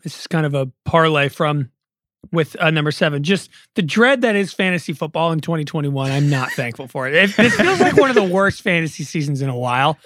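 A man with a high voice chats casually about football and wanders through long stories. The sound is close and dry. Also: sing-song, brisk, fairly bright tone, no echo. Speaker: podcast co-host. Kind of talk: casual chat.

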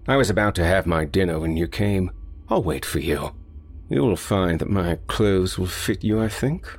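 A cultivated older general speaks with a slight accent, courteous and measured, his politeness edged with quiet menace, as a male reader puts him on. The voice sits very low with a husky grain. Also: lively intonation, full character voice. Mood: gracious.

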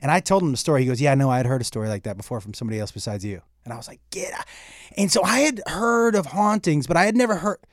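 The recording is dry and clean, studio-grade, as a middle-aged comedian races through a story in a slightly high voice. Chatting casually as a guest, he's animated and profane, acting out every line of dialogue.

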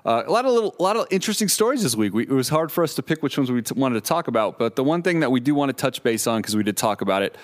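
A man's voice: mid-range voice, sing-song, rapid-fire, hardly any pauses. A man hosting a podcast in casual chat, rambling and laid-back, joking at his own expense. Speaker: podcast host.

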